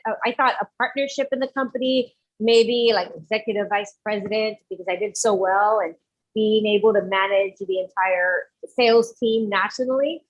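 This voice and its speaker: A woman's voice: mid-range voice, moderate pace. A woman, a guest on an interview podcast, telling her story and acting out the lines of the people in it. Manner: animated, acts out quoted dialogue. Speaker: guest entrepreneur. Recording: dull lo-fi audio.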